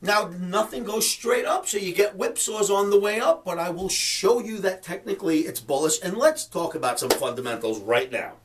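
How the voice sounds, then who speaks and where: A man's voice: sits high, expressive, moderate pace, few pauses, distant mic. A man hosting a trading commentary show, fired up and ranting, mocking the people he disagrees with. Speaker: trading educator and show host. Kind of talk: market commentary webcast.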